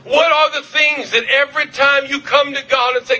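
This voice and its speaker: A man preaching a revival sermon, fervent, repeating his questions and shouting at the peaks. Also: very high-pitched, steady tone, quick pace, hardly any pauses. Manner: fervent, shouting at peaks, repetitive calls to the congregation. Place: church service.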